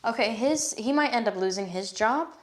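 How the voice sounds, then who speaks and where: A woman's voice: fairly high pitch, animated, normal speed. A young woman giving a casual live-stream tarot reading, chatty and frank, often swearing and checking in with "okay?". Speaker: tarot reader.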